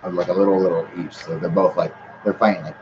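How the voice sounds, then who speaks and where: A man hosting a casual livestream, a little high and drunk, swearing constantly and reading the chat aloud. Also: steady tone, fast talker, dull audio, background noise. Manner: heavy swearing, laid-back, reads chat aloud. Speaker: livestream host.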